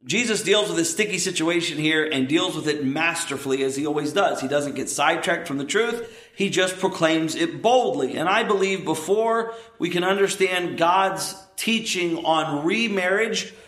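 A man's voice: a little high, moderate pace, few pauses, a bit bright. Man preaching in an echoey room. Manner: earnest, emphatic preaching with asides. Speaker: pastor. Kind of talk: sermon.

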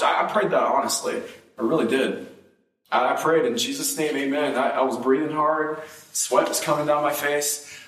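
A man preaching a sermon and telling a personal story, his voice jumping up high when he gets excited. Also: moderate pace, echoey room, recorded from a distance, low-quality recording.

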